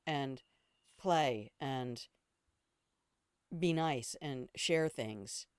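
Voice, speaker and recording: An older woman streaming a game talks in a smooth, clear voice that sits a little low for a woman. She is blunt and opinionated, swears without a second thought, and drifts from one rambling aside to another. The sound is close and dry, with no room echo. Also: a little mellow. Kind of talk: casual gameplay commentary.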